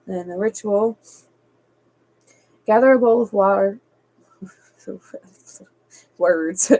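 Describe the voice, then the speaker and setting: A woman's voice: medium pitch, very slow, pauses often, dark tone, low-quality recording. A woman doing a live-streamed tarot reading, reading card texts aloud evenly and slipping into casual, chatty asides. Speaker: tarot reader.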